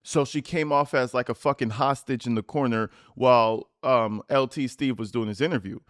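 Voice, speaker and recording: A man ranting in a profane, mocking, animated style while giving reaction commentary on a video. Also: medium pitch, moderate pace, no room sound, studio quality. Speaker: commentary YouTuber.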